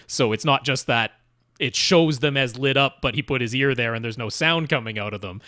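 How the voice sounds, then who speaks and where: A man's voice: medium pitch, brisk, pushed and bright, no room sound. Man explaining gear setup, dry sound. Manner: explanatory, many restarts and fillers. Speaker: podcast co-host. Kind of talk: casual technical chat.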